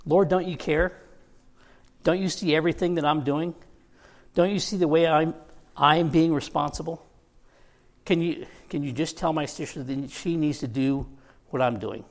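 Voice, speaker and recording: A man voicing a shrill, resentful woman who complains that she is doing all the work, in a whiny, pleading tone. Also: fairly even intonation, moderate pace, long pauses, natural voice. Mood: aggrieved.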